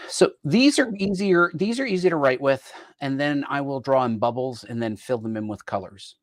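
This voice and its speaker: A man's voice: medium pitch, lively intonation, moderate pace, no echo. A male host in a casual chat, upbeat and playful, with frequent fillers and hesitations. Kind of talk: casual chat about gifts.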